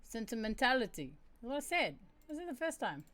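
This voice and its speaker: A woman's voice: fairly high pitch, sing-song, a little fast, fairly bright tone. A middle-aged woman, livestreaming as a writer, chatting casually and reading her own piece aloud. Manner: chatty, talks to herself while setting up the stream.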